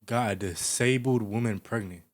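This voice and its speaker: A man hosting a reaction video, commenting loudly and profanely and scolding the person on screen. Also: on the low side, moderate pace.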